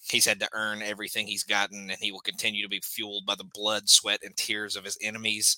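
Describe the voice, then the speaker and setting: A man's voice: lowish voice, no echo, poor audio. A man hosting a podcast, casually recapping wrestling matches play by play with plenty of ums and uhs. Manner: relaxed, recaps matches play by play with many fillers. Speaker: podcast host.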